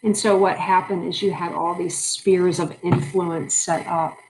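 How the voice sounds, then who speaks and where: A woman's voice: lowish voice, little pitch movement, unhurried, noisy background. A woman teaching a recorded history lesson in a chatty, informal way, talking straight to her students. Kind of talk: casual recorded lecture.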